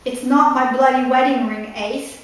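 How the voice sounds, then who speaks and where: A woman voicing a wounded male British army commander in shock, cursing in slow, dazed phrases, recorded in an echoey room from a distant mic. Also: sits high, steady tone, a bit bright.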